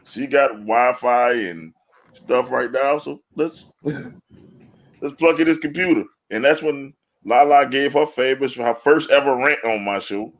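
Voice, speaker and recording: A man's voice: mid-range voice, a little slow. Male podcast host, laughing storyteller, casual and profane. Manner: laughing storyteller, swears freely. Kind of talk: casual chat.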